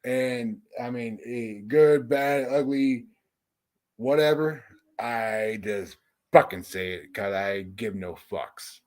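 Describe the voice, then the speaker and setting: Speaking slowly in a mid-range, darkish voice, a man hosts a laid-back livestream chat. He greets his viewers, talks bluntly, swears a lot, and keeps restarting what he's saying.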